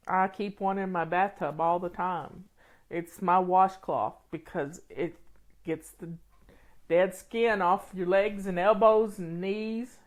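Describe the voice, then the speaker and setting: A woman hosting a casual livestream, reading comments, tearful and sniffly, rambling with many restarts. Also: medium pitch. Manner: rambling, warm, frequent restarts and laughs. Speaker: livestream host.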